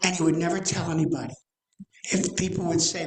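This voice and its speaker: A man in his sixties tells a story from the pulpit, his voice rising and falling with animation and stretching into slow, dramatic pauses. The sound carries the roomy echo of a church sanctuary. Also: fairly high pitch, slight background noise. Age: 60s. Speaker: guest speaker, rabbi. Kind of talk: storytelling sermon.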